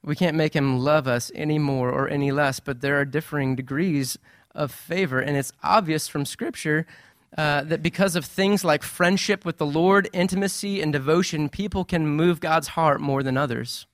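A man preaching a sermon in a conversational, animated way with playful asides. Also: on the high side, normal speed, no room sound, clean studio sound. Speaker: pastor.

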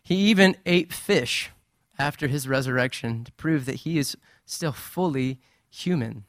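A man preaching a sermon in a conversational, animated way with playful asides. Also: mid-range voice, a little slow, no room sound, studio quality. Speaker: pastor.

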